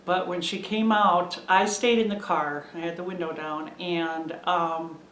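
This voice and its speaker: A woman's voice: fairly low pitch, fairly even intonation, measured pace, fairly bright tone, a little hiss or hum. A middle-aged woman chatting to camera in a meandering, gushing way from a room at home. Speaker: homesteading vlogger. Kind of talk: casual chat to camera. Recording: echoey room.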